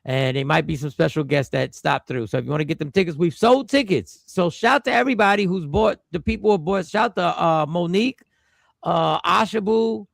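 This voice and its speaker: A man's voice: a little high, fairly quick, creaky, no echo, studio quality. A man hosting a casual livestream, joking loosely and swearing now and then. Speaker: livestream host.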